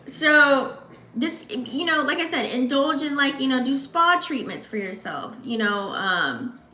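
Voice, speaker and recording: Woman doing a chill astrology reading, slangy and chatty, brightish higher voice, echoey room. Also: lively intonation, unhurried. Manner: slangy, chatty, addresses viewers directly. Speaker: astrology channel host. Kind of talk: casual astrology reading to camera.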